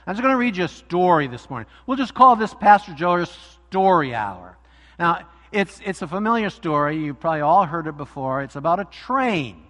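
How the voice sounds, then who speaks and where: A pastor giving a conversational sermon, animated and full of rhetorical questions, in a church. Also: male voice, high voice, moderate pace, in a large hall. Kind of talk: sermon with storybook reading.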